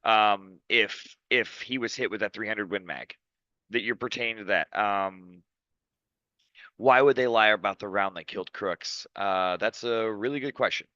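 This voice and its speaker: A man's voice: lowish voice, normal speed, bright, forceful tone, no echo. A man as a guest in a casual chat, hesitant with many ums, then blunt. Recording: dull lo-fi dry mic.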